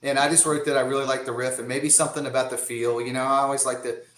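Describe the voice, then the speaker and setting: A man's voice: mid-range voice, little pitch movement, fast, fairly bright tone. Rambling Southern man in an echoey room. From Georgia, US. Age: 50s. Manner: rambling, laughs often. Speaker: guest drummer. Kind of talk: casual chat.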